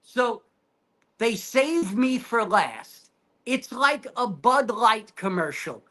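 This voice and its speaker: A man telling a wild story as a guest comedian on a podcast, animated and profane, acting out his own shouting. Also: very high voice, slow pace. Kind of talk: storytelling in casual chat.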